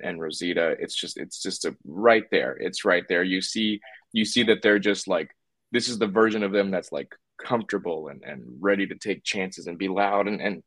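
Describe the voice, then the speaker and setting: Deep-voiced rambling puppeteer man. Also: a bit bright, no echo. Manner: rambling, many filler words and restarts. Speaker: puppeteer guest. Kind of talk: casual interview chat.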